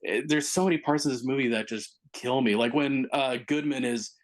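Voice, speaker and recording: A man's voice: mid-range voice, brisk. A man with a mid-range voice chats on a film podcast. He rambles with enthusiasm and stacks up hedges as he thinks aloud. His delivery is loose and friendly. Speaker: podcast co-host. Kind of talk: casual film podcast chat.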